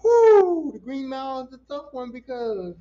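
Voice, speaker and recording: A man hosting a casual solo podcast, ranting in an animated, profane way and talking back to his listeners. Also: very high-pitched, brisk, muffled recording. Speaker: podcast host.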